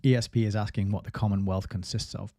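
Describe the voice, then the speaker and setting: A man's voice: lowish voice, fairly even intonation, quick pace, dark tone, dry recording, clean studio sound. A man hosting a book review livestream, rambling casually and reading viewer comments aloud. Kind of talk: casual live-stream chat.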